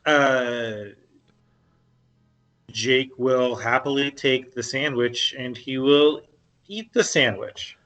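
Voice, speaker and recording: A man's voice: mid-range voice, takes it slowly, long pauses, fairly bright tone. A man playing in a tabletop game, talking hesitantly with lots of stumbles and fillers. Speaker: player. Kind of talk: casual chat.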